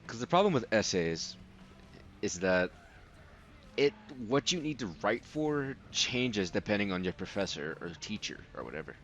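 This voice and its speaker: A young man casually commenting on a racing game as he plays, rambling and relaxed with lots of filler words. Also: on the low side, normal speed, dull audio. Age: young adult. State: sleepy, yawning. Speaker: let's play host.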